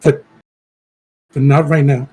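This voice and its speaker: A man's voice: mid-range voice, little pitch movement, slow, a little mellow, breathy edge, low-quality recording. A man voicing a clumsy but earnest male adventurer who comforts a friend and calls himself by name in the third person. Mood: soothing.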